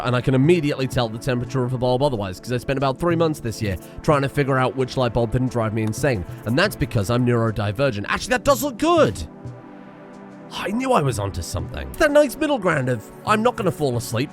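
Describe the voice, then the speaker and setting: A man gives casual game commentary, rambling and poking fun at himself between bursts of swearing. His mid-pitched voice swings up and down animatedly. Faint music plays in the background. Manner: rambling, self-mocking, frequently swearing. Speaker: gaming streamer.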